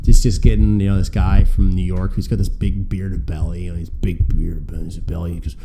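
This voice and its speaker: A man, a guest on a casual podcast, telling stories in a lively way with frequent laughs and many fillers. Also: sits low, moderate pace, hardly any pauses. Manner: animated storyteller, laughs often, many fillers and repeats. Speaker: guest, sports fan.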